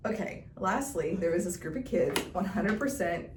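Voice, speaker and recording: A woman's voice: lowish voice, animated, moderate pace. A middle-aged woman co-hosting a podcast, telling a story in casual chat, laughing often and acting out quotes. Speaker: podcast co-host. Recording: roomy sound, distant mic, faint noise.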